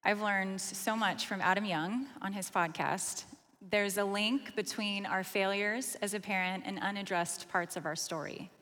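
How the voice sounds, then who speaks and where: A woman in her forties, a mother of teenagers, explaining parenting ideas in a measured, earnest way. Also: mid-range voice, fairly even intonation, a bit bright, long reverb tail. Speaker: podcast co-host, mother. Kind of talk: calm reflective explanation.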